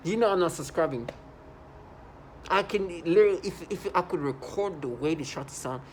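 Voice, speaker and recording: A man's voice: fairly high pitch, lively intonation, moderate pace, slight background noise. A man delivering a rambling personal vlog monologue, agitated, with frequent restarts and self-corrections. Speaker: vlogger.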